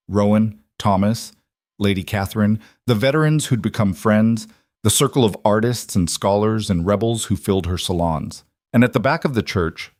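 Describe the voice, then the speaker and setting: Low, dry male story narrator. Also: a little mellow, no room sound.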